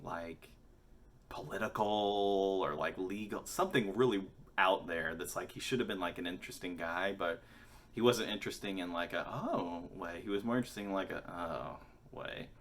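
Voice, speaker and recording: Low-voiced man telling a rambling story. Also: fairly even intonation, moderate pace, fairly bright tone. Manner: rambling, profane, self-mocking. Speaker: musician and vlogger. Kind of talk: casual storytelling.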